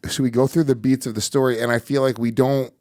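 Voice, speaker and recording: A male podcast host trading crude, teasing jabs in casual banter, getting loud when he is riled. His voice sits at a middle pitch. The sound is dry and close, with no room echo. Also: little pitch movement, quick pace.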